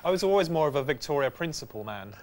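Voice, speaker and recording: A man's voice: on the high side, expressive, quick pace, slight background noise. A man chatting as a studio guest, wry and opinionated. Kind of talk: casual chat.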